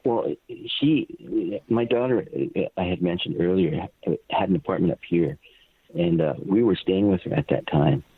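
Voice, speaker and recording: An older man, a guest and a father, telling a personal account on a phone line in a halting way, repeating and stumbling over his words. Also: low-pitched, breathy edge, dry recording.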